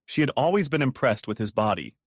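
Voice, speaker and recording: A man narrating a storybook in a dramatic, expressive way, his pitch rising and falling freely. The recording is close and dry, with no room sound. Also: fairly quick, dry recording.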